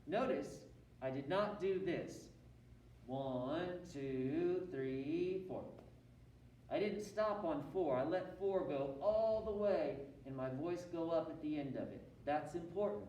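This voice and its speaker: Guy teaching rhythm, counts beats out loud, slow and kinda high, echoey room far from mic. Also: animated, dull audio, a little hiss or hum. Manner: counts beats aloud, call and response. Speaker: music teacher. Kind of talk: rhythm lesson for students.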